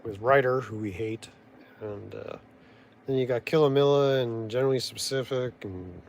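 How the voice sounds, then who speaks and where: This vlogger's gravelly, slightly mellow mid-range voice comes with a bit of hiss or hum. Speaking at a moderate pace with a Canadian accent, he rambles sardonically, restarting often and letting his thoughts trail away.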